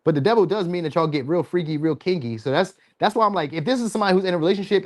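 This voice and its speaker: A man giving a casual tarot reading to his viewers, joking and swearing freely and sometimes jumping into high mock voices. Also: rapid-fire, hardly any pauses. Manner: loose, profane, joking delivery; slips into high-pitched mock voices when quoting. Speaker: tarot reader.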